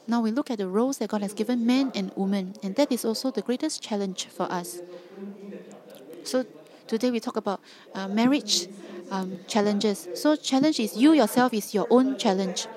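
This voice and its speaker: A woman's voice: on the high side, normal speed, crowd noise. Earnest woman preaching with emphatic repetition. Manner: earnest, emphatic, repeats phrases for stress. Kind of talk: sermon.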